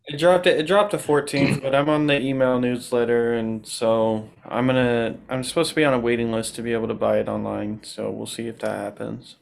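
A man's voice: medium pitch, steady tone, fairly quick, gravelly, few pauses. A man co-hosting a podcast in casual chat, easygoing and explaining things matter-of-factly. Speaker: podcast co-host.

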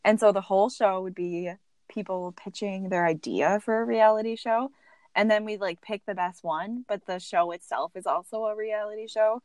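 A young woman in her twenties, a podcast guest chatting casually, bubbly and quick to laugh. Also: medium pitch, steady tone, a little mellow, dry recording. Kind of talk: casual chat.

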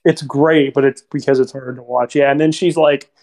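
Animated podcast co-host acting out film scenes. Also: mid-range voice, normal speed, gravelly. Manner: animated, acts out quoted lines. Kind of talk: casual film discussion.

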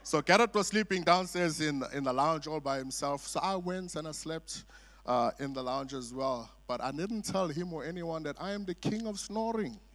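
A man's voice: a little high, normal speed, fairly bright tone, a little hiss or hum. A middle-aged man preaching as a guest in church, telling jokey stories with lots of "uh" fillers. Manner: chatty storytelling, jokey asides, many "uh" fillers. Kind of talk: sermon. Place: church sanctuary.

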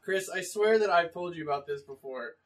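A man in casual podcast chat, an animated storyteller who laughs often. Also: on the high side, brisk.

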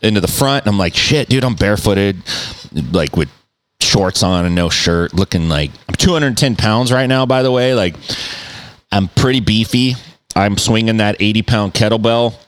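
A middle-aged man, a podcast host, telling a story in a loose, animated way, full of swearing and mouth sound effects. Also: lowish voice. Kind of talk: casual storytelling.

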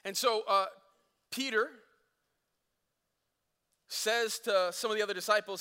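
High bright-voiced preacher in a hall. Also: male voice, moderate pace, long pauses. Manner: casual storytelling with acted quotes, swinging from loud to hushed. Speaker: pastor. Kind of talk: sermon.

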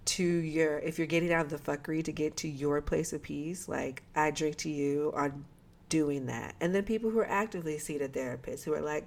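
Low-voiced, profane woman podcast co-host. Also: moderate pace. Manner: loose, profane and animated, with quoted asides. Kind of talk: casual chat.

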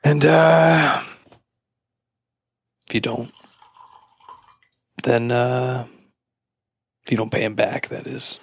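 A man co-hosting a podcast, pitching jokes in a halting way with fillers and laughter. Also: creaky, husky. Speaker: podcast co-host. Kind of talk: casual comedic chat.

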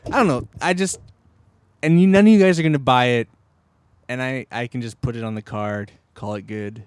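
A man hosting a casual podcast, rambling with lots of fillers, swearing and excited outbursts. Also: medium pitch, a little fast, dry recording, clean studio sound. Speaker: podcast host.

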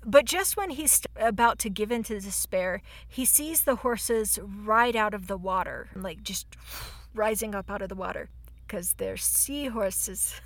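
A woman's voice: mid-range voice, measured pace. A woman casually retelling a folktale as a podcast host, swearing freely and laughing at her own jokes. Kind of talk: casual storytelling chat.

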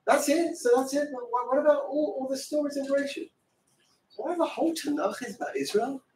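Fervent rabbi in a roomy hall. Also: male voice, extremely high pitch, fairly quick, a little mellow, slight background noise. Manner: fervent, emphatic, full of rhetorical questions. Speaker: rabbi teaching a class. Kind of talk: impassioned Torah lecture. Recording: roomy hall, distant mic, faint ambience.

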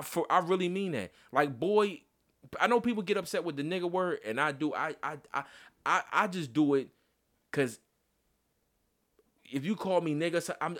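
A man's voice: a little high, a bit bright. A man co-hosting a casual podcast chat, talking emphatically with lots of slang, profanity and insistent restarts. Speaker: podcast co-host.

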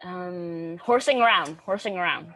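Woman, husky, bright, lively, giggly and sweary, casual chat, faint music behind. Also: on the low side, a little slow. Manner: giggly, swearing, playful guessing.

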